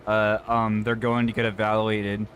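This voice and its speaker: Stammering low-voiced male streamer. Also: completely flat delivery, a bit bright, a little hiss or hum. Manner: stammering, full of fillers and restarts; quick, mumbled asides to himself. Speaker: streamer playing a horror game. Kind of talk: casual chat while gaming.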